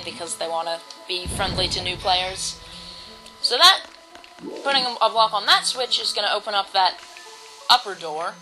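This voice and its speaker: A woman's voice: mid-range voice, low-quality recording. A woman giving casual, rambling commentary while playing a video game, with many ums and restarts. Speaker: let's play host. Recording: game music in the background.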